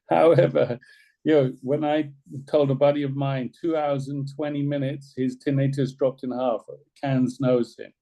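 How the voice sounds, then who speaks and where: A man's voice: mid-range voice, level tone, a little slow, creaky, warm tone, rough recording. A man leading an orientation video call, talking loosely and persuasively, often repeating his words. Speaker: team leader on an orientation call. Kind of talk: casual persuasive talk.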